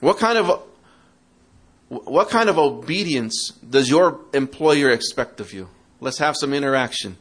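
A man's voice: medium pitch, lively intonation, a little slow, a bit bright. A man preaching to parents in a sermon, asking the audience questions and acting out excuses in a mocking tone. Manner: interactive, asks the audience questions; acts out quoted excuses in a mocking tone.

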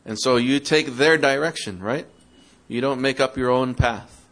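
A man's voice: mid-range voice, moderate pace, fairly bright tone. Man preaching to parents. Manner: interactive, asks the audience questions; acts out quoted excuses in a mocking tone. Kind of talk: sermon.

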